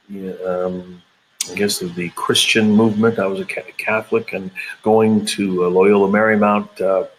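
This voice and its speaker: A man's voice: fairly low pitch, a bit bright, a little hiss or hum, poor audio. A man in his fifties, a channeler being interviewed, telling his story in a rambling way with many hesitations and quoted dialogue. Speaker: intuitive channeler, interview guest.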